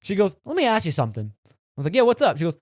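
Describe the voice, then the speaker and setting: A young man co-hosts a chat podcast, his voice a touch higher than most and swinging widely as he acts out the people in his story. The sound is close and dry, with no room around it. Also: rapid-fire, no room sound. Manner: animated, acts out quoted voices. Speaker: podcast co-host.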